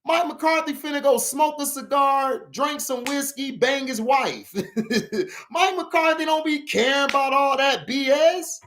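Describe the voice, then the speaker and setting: A man hosting a casual sports vlog, ranting animatedly about football, laughing often and shouting for emphasis. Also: very high-pitched, unhurried.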